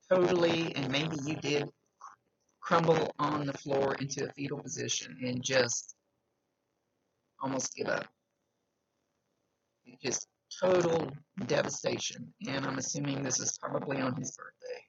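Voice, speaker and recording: A man speaking as a psychic medium, giving a chatty, emphatic reading straight to the viewer and relaying messages in quick asides. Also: mid-range voice, fairly even intonation, creaky, slightly rough, dry recording, highs cut off. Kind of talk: direct-to-camera psychic reading.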